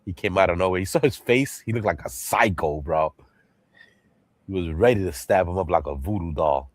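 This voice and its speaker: Man, livestream host, casual chat, animated, laughing, swears freely, bouncy lively pitch, dry close sound. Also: normal speed, no room sound. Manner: acts out quoted movie lines.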